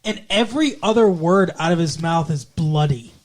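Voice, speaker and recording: A man's voice: a little high, expressive, moderate pace. A man co-hosting a podcast, chatting casually about a TV episode, sarcastic and profane, breaking into sung lines and mock voices. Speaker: podcast co-host. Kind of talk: casual chat recapping a TV episode.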